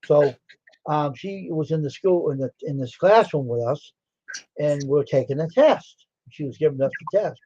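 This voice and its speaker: A man's voice: on the high side, lively intonation, moderate pace, mellow, lo-fi sound, a little hiss or hum. A man casually telling a long, rambling story from his school days on a livestream, breaking into quoted voices. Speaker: livestream host.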